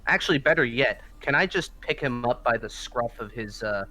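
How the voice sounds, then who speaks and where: A man's voice: mid-range voice, lively intonation, normal speed, pushed and bright, low-quality recording. A man playing a tabletop game, speaking bluntly and lecturing. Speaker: player. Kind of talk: tabletop role-play.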